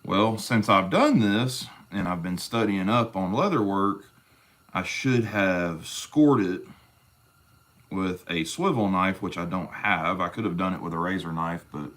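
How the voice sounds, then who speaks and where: A man's voice: deep voice, unhurried, fairly bright tone. A man chatting casually on a livestream while he works on leather in his workshop. He rambles in a folksy way and greets viewers as brother.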